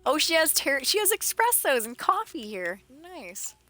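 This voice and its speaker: A woman livestreaming a game, chatting excitedly to her viewers while losing her voice. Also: high-pitched, normal speed. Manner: chatty, excitable, talks to chat. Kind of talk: casual gameplay commentary. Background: game music.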